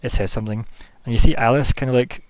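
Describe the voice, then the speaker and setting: A man's voice: medium pitch, fairly even intonation, fast talker, a little mellow, no room sound. A man narrating as game master of a tabletop game, rambling through scene descriptions with lots of fillers.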